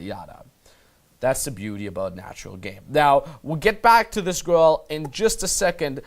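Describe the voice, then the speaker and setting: A dating coach, a man with a somewhat raised pitch, talks his viewers through his footage. His commentary is loose and emphatic, with plenty of swearing mixed in. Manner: casual, emphatic, swears freely. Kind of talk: voice-over commentary breaking down footage.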